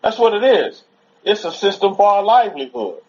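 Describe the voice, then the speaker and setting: A man's voice: high voice, sing-song, normal speed, darkish tone. A man giving an informal, rambling sermon at a Sabbath gathering, repeating himself and talking conversationally. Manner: rambling, repetitive, conversational, stops to soothe a toddler. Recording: dull lo-fi recording.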